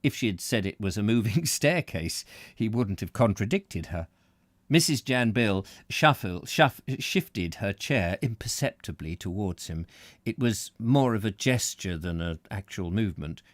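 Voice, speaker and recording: A man's voice: fairly low pitch, animated, a little slow, dry recording. A man hosting a live reading of a novel, narrating expressively with occasional slips and restarts. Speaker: book reader, host.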